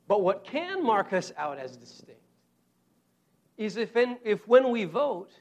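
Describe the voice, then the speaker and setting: A male preacher with a notably high voice delivers a sermon. He talks earnestly and directly to his listeners, as if in conversation. He stresses his main points by repeating them slowly. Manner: earnest, repeats key phrases slowly for emphasis; conversational, addresses the congregation directly.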